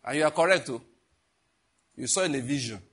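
A man's voice: mid-range voice, expressive, a little fast, fairly bright tone. A middle-aged man, teaching a sermon in a conversational, joking way and asking the congregation questions. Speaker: pastor.

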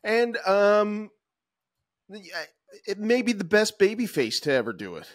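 A man's voice: sits high, big pitch swings, unhurried, no echo, clean studio sound. A man co-hosting a podcast in casual chat, rambling with many fillers and restarts. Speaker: podcast co-host.

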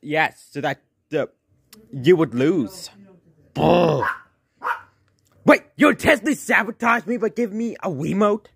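A man's voice: high-pitched, expressive, a little slow, gravelly, pauses often, a bit bright, slight background noise. Sarcastic young man in a skit. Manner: bickering, sarcastic. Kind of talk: comedy skit, doing all voices.

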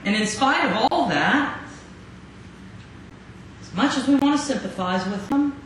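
Slow dramatic preacher in echoey hall. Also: male voice, very high voice, animated, fairly bright tone. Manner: dramatic, rhetorical questions, drawn-out emphasis. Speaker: pastor. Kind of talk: sermon. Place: church sanctuary. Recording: very echoey hall, faint noise.

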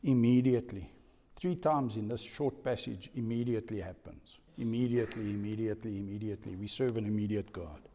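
A male pastor preaching a sermon, dropping to a hush and then rising to loud emphasis. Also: lowish voice, brisk. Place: church hall. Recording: echoey church hall.

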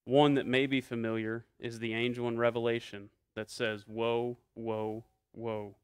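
A male pastor giving a measured, deliberate sermon in church, stressing key words by repeating them. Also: mid-range voice, flat delivery, clean tone, no room sound. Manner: measured, deliberate preaching with emphatic repetition.

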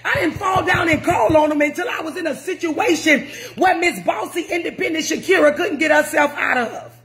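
A woman preaching a sermon in an emphatic, repetitive style, often raising her voice to a shout. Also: high voice, moderate pace.

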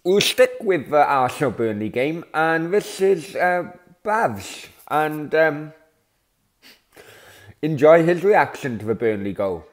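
A man hosting a fan video show, casually introducing clips in a relaxed, chatty way. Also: on the high side, takes it slowly. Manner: relaxed, chatty link-ins with fillers. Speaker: show host.

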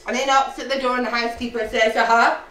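A woman's voice: a little high, level tone, fast, a bit bright, recorded from a distance. A Scottish woman storyteller telling a folk tale live, playful, with asides, in an echoey storytelling hall.

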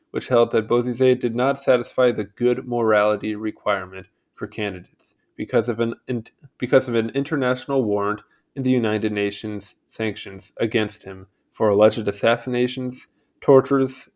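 A man's voice: mid-range voice, a little mellow. A man casually reading a history article aloud, stumbling over names and adding chatty asides. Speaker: channel host reading aloud.

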